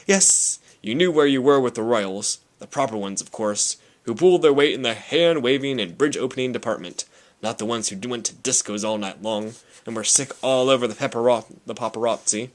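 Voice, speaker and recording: A man's voice: medium pitch, brisk, natural voice. A man playing a mild, puzzled ordinary husband. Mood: mild puzzlement. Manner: mild, doubtful, plainspoken. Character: mild, puzzled, ordinary middle-aged Englishman.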